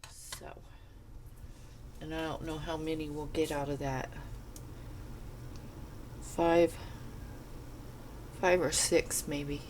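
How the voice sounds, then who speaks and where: A woman talking through home canning in her kitchen, stuffed up and congested, rambling in a relaxed, unhurried way. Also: deep voice, background noise. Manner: slow, unhurried, rambling explanations. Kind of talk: casual kitchen how-to chat. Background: kitchen clatter of pots and utensils.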